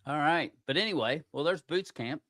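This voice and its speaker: A man's voice: a little high, expressive, moderate pace, a bit bright, dry recording. A man hosting a casual livestream podcast, swearing freely, getting aggravated and laughing at himself. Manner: profane, easily aggravated, self-mocking. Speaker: podcast host.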